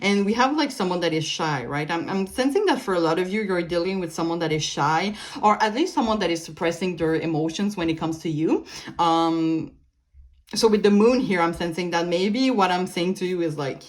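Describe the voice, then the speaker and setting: A woman's voice: fairly low pitch, moderate pace. Woman reading tarot cards. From Canada. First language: French. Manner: meandering, many fillers and restarts, light laughs. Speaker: tarot reader. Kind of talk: casual pick-a-card tarot reading.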